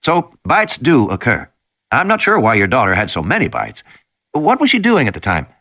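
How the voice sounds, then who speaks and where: A man doing a soft Southern biologist. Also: medium pitch, wildly swooping pitch, moderate pace, heavily acted. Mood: explaining. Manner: patient, explanatory. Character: soft-spoken male American field biologist.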